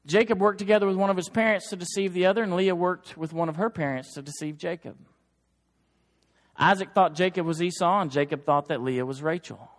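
A man preaching a sermon to his church in an earnest, emphatic way that builds to forceful exhortation. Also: sits high, brisk, long reverb tail. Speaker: pastor. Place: church sanctuary.

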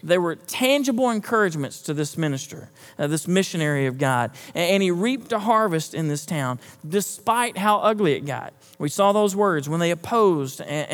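A man's voice: high voice, fairly bright tone. A man preaching a sermon, talking conversationally, quizzing the congregation and repeating himself as he goes. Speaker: pastor. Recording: echoey hall, long reverb.

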